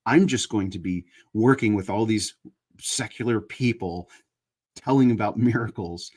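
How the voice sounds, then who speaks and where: A man's voice: fairly low pitch, moderate pace, darkish tone. A man in his fifties hosting a casual live chat, talking earnestly and building into emphatic preaching. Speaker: online show host.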